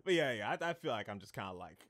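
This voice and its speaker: A man's voice: on the low side, sing-song, quick pace, a bit bright. A young man in casual chat, talking hesitantly with lots of fillers and restarted phrases. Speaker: co-host.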